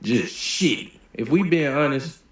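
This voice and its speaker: A man hosting a movie reaction video, giving blunt, profane, animated opinions in casual commentary. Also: mid-range voice, a little slow, reverberant.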